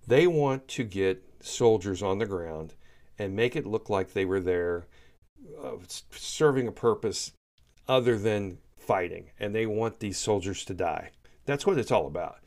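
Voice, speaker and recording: A man's voice: fairly low pitch, animated, moderate pace, a little mellow. A man giving heated, emphatic political commentary, often repeating himself for emphasis. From United States. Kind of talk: opinionated solo commentary.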